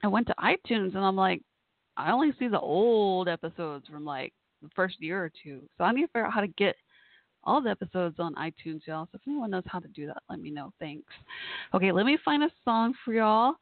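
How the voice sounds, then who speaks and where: A woman's voice: mid-range voice, expressive, brisk, dry recording. A woman hosting a live podcast alone, chatting casually and rambling, laughing often. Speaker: podcast host. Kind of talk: casual solo talk. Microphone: phone call-in line. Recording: tinny phone line.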